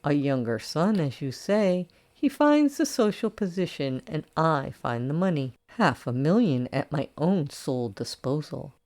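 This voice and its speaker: A woman's voice: deep voice, sing-song, measured pace, few pauses, a little mellow, exaggerated voice. A woman reading an audiobook, voicing a wealthy older woman who answers her critics in a dry, self-assured and cutting way. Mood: sardonic.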